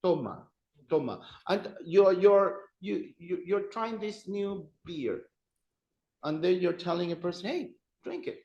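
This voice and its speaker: A man leading an adult Spanish class, speaking slowly and deliberately. His voice sits a little high for a man, and he repeats each word patiently so his students can practice it. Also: darkish tone, muffled recording. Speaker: Spanish teacher. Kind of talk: adult evening class teaching.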